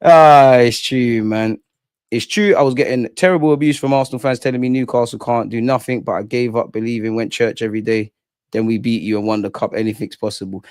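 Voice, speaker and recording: A man's voice: medium pitch, steady tone, a little fast, darkish tone, smooth, no echo, studio quality. A young man with a London accent, hosting a casual live chat with slang and reading out viewer comments. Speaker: livestream host.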